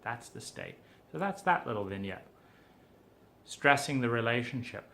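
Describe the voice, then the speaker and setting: A man speaking in a gravelly, fry-laden voice that is pushed and tense. He gives personal testimony for a documentary, sounding frustrated, urgent and pleading as he talks. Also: medium pitch, lively intonation, unhurried, pauses often, bright, forceful tone. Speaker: documentary subject.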